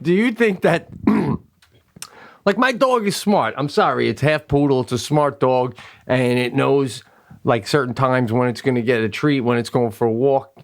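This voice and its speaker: A man co-hosting a comedy podcast, riffing and building absurd jokey bits. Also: medium pitch. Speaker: co-host.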